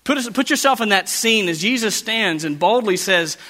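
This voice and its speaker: Bright emphatic preaching man. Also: sits high. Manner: emphatic preaching, slowing down on key phrases. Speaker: pastor. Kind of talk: sermon. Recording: long hall reverb.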